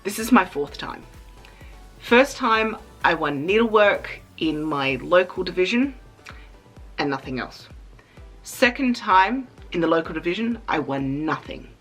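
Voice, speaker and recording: A young woman vlogging in a chatty, excitable way, fighting back tears as she talks. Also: on the low side, a little slow, husky, faint music behind, rough recording. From Australia. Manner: chatty, excitable, emotional, trying not to cry. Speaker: cosplay vlogger. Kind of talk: casual vlog talk.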